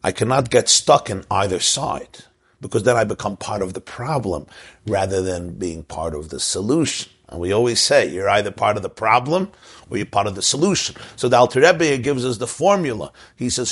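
A man's voice: on the low side, expressive, brisk, a bit bright, slightly rough. A man giving a religious talk, telling a joke as a story and drawing a lesson from it. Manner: storytelling, rising to emphasis. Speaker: Jewish religious teacher. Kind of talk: sermon with a told joke.

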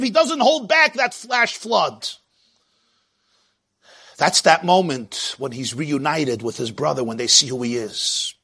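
Man preaching a sermon, high voice, husky, dramatic rises and falls. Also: expressive, slow, bright, forceful tone. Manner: dramatic, rising and falling delivery, quoting Hebrew verses.

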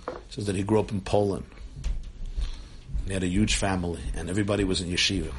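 A man tells a long story in a talk, animated and acting out the voices he quotes. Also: deep voice, fast, slight background noise.

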